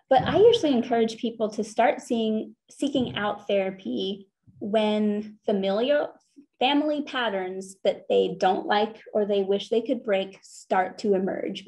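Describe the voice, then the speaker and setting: A woman counselor giving an earnest, conversational talk on therapy at a church, slowing down to stress her points. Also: medium pitch, dark tone.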